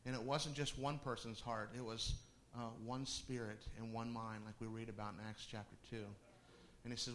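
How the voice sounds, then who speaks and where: A man's voice: mid-range voice, level tone, normal speed, fairly bright tone. Man telling a sermon story. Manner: conversational, with laughing asides and restarts. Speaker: pastor.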